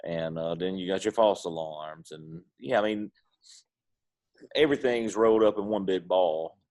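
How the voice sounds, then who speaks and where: Here the pitmaster guest's voice sits low with a darkish tone, at normal speed. The middle-aged man drawls through his stories in a relaxed way, his Eastern North Carolina accent coming through in this casual interview chat.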